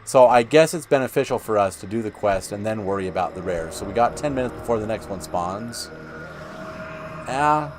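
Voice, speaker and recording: A man's voice: on the low side, animated, normal speed, background noise. A man hosting a gaming channel, talking through gameplay in a rambling, chatty way. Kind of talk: casual gameplay commentary.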